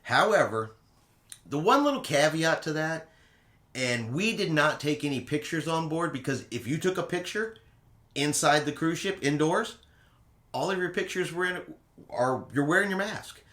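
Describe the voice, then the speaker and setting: A man's voice: on the high side, moderate pace. A man hosting a casual travel recap. His voice swings widely up and down as he tells stories, and he acts out quotes with drama. The sound carries a noticeable room echo. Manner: animated storyteller who acts out quotes dramatically. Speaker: travel vlog host.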